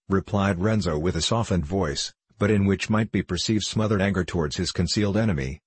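A man reads a classic novel aloud in a measured, steady narration. His voice is very low with a husky grain. The recording is dry and close, with no room sound. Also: no echo.

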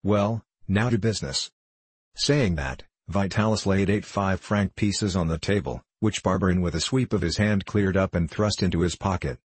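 A man narrating a novel aloud in calm, even scripted narration. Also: sits low, normal speed, few pauses, slightly rough, no echo. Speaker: audiobook narrator.

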